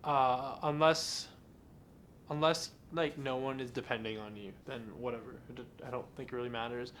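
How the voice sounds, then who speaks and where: Young guy hosting a podcast, open and heartfelt, mid-pitch voice, faint rumble behind. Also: little pitch movement, moderate pace, a bit bright. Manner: earnest, candid and confessional. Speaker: podcast host. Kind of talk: casual podcast monologue.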